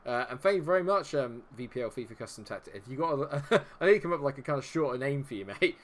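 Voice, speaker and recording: A man's voice: medium pitch, animated, fast talker. Exasperated man streaming a game. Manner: exasperated, swears freely at the game; chatty with viewers between matches. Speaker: gaming streamer. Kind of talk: live gameplay commentary.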